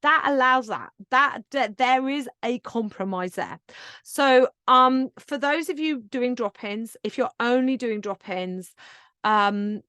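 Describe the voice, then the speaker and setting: Slow and forceful, this bright, clean, somewhat high female voice belongs to a podcast host who coaches yoga businesses. In her casual solo show she earnestly cheers listeners on, sprinkling in plenty of fillers, and the audio has no echo.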